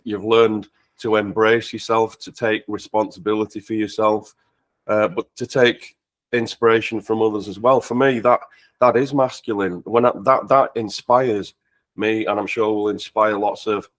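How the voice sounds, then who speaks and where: A man's voice: fairly low pitch, fairly even intonation, normal speed. A man hosting an interview, reflective and affirming. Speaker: host. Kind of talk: conversational interview.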